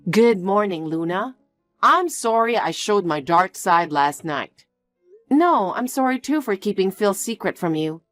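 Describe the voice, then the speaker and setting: A woman voicing a calm older mother who speaks slowly and quietly. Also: mid-range voice, no room sound, faint music behind. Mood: apologetic. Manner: slow and hushed.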